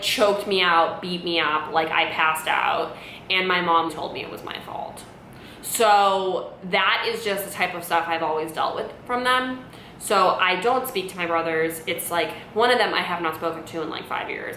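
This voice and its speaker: A young woman vlogger telling a personal story candidly, rambling, with lots of "like" and "you know". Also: pushed and bright. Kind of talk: storytime vlog. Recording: echoey room with faint rumble.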